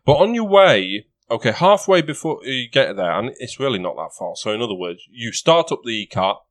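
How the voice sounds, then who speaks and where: A man's voice: mid-range voice, very animated, normal speed, dry recording. A man narrating as game master, hesitant and repeating words, with frequent laughs.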